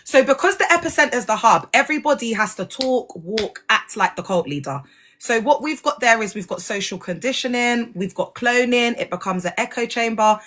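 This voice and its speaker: A woman's voice: fairly high pitch, animated, moderate pace, fairly bright tone. A woman hosting a casual livestream, talking animatedly and in slang straight to her viewers. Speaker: livestream host, former church member.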